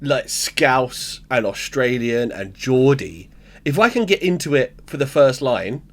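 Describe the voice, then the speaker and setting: A man co-hosting a podcast, chatting casually with animated, jokey banter. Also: mid-range voice, measured pace. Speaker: podcast co-host. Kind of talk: casual chat.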